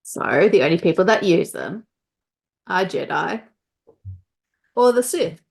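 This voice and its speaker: A woman's voice: fairly low pitch, big pitch swings, slow, creaky, heavily acted. A woman voicing a blunt, tactless male pirate captive who keeps asking pointed questions. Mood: prodding.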